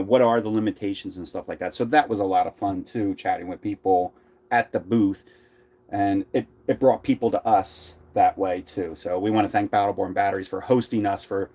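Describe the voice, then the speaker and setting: A man's voice: lowish voice, a little mellow. A man with a Philadelphia accent co-hosting a casual RV chat, rambling and laughing often. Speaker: RV vlogger co-host.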